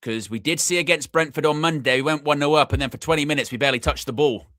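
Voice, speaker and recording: A young man hosting a live football watchalong, chatty and excitable, shouting when his team scores. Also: a little high, fast talker, no room sound, clean studio sound. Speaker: fan watchalong host.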